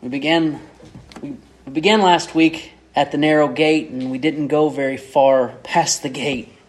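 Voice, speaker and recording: Male pastor mid-sermon, unhurried delivery, leans on key words, slightly high voice. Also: steady tone. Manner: measured, repeats and stresses key words.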